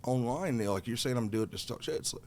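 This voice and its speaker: Rapid-fire and medium-pitched, this middle-aged podcast guest gets heated while telling a casual story. He's animated and profane, cursing freely as he goes.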